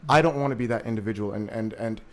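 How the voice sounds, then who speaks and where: A man's voice: lowish voice, fast talker. A man from Jamaica speaking as a panelist in a panel discussion, telling a story with energy and repeating words while he searches for them.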